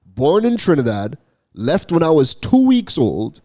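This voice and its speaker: A man's voice: on the high side, wildly swooping pitch, unhurried, warm tone. A man from Toronto with a Toronto accent, giving emphatic commentary to camera as a marketing content creator, repeating his points and asking "right?" often. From Toronto, Canada.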